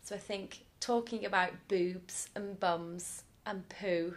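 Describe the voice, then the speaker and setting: A woman's voice: medium pitch, fairly even intonation, slow pace. A woman teacher talking candidly and with self-assurance about her work in an interview. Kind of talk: reflective interview talk.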